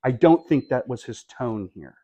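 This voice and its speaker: A middle-aged man preaching a sermon as pastor, conversational and wry, with bursts of animated emphasis. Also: medium pitch, normal speed, breathy edge, dull audio.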